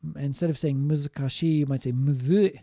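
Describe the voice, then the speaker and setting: Mellow-voiced man teaching linguistics. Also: on the high side, fairly even intonation, no echo, studio quality. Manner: explains slowly, repeating points and adding Japanese glosses. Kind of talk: online lecture.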